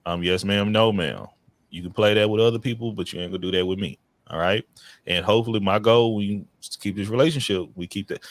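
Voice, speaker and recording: Low-voiced man telling stories casually. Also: fairly quick, no room sound. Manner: animated, slangy, breaks into high excited quoted voices. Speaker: podcast guest, child welfare worker. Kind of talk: casual storytelling chat.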